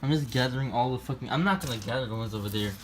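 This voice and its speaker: A young man vlogging alone at home, crude and swearing, going from mumbling to loud outbursts. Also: mid-range voice, very fast, slight background noise. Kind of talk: casual solo vlog. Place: home room.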